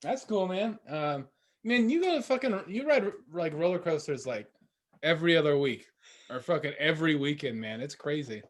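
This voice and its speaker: A man co-hosting a casual podcast chat. His voice is slightly high, and his manner is relaxed and teasing, mostly in short, easygoing replies. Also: normal speed. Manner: laid-back, teasing, short responses. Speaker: podcast co-host.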